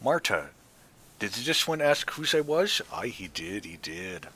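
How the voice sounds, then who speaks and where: A man's voice: mid-range voice, sing-song, a little slow, bright, forceful tone, breathy edge, pitched above the performer's own voice, heavily acted. A man voicing a mumbling old seamstress woman who talks to herself in a sing-song way.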